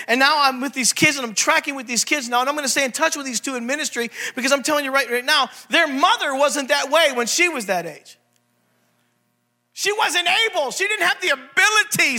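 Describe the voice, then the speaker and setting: A preacher man delivers his sermon with animated energy, shouting at times and slipping into little character voices. His voice sits very high with a sharp, bright edge. He sounds like a man in his fifties.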